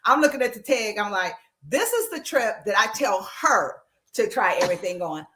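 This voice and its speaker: A woman co-hosting a radio talk show, telling an animated story and acting out the quotes. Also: medium pitch, normal speed. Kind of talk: casual chat. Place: radio studio.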